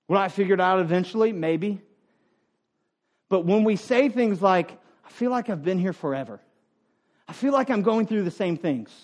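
A pastor preaches a sermon, speaking as a parent and coach. He repeats phrases for emphasis and swings between loud, emphatic stretches and soft, low asides.

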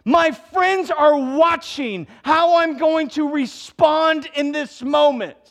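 A man's voice: extremely high pitch, slow, fairly bright tone, pitched above the performer's own voice, heavily acted. Indignant fisherman, as a preacher puts him on. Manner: indignant, protesting. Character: frustrated tired adult male fisherman.

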